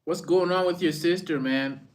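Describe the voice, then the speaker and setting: A man with a slightly higher than usual voice hosts a relaxed live stream. He rambles from one viewer comment to the next, reading each one aloud before he answers it. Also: normal speed. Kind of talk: casual live-stream chat.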